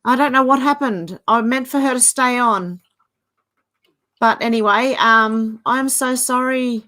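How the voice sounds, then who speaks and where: A woman hosting a live call-in show, friendly and agreeable, quick to laugh. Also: on the high side, bright, forceful tone. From Australia. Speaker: host. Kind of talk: casual call-in chat.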